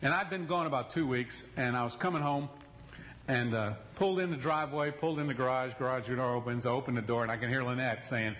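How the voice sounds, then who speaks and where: A man's voice: mid-range voice, fast, a bit bright, muffled recording. A male pastor preaching a sermon in a folksy, emphatic storytelling manner, recorded in a church.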